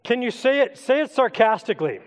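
A middle-aged man with a high voice leads a relaxed, interactive sermon, coaxing his congregation to take part. His voice rings out with a long reverb that trails through a large church sanctuary. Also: fairly quick. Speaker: pastor.

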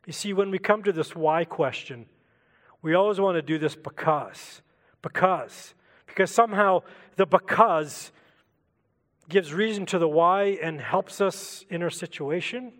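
A man preaching a sermon in a reflective way, asking rhetorical questions and slowing down for emphasis. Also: sits high, lively intonation, fairly bright tone, big-room sound.

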